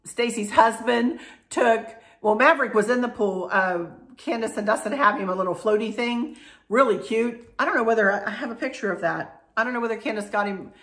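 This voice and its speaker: A woman's voice: on the high side, brisk, fairly bright tone. A middle-aged woman chatting casually to her viewers, emotional and rambling, with frequent restarts. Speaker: vlogger. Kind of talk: casual chat to camera.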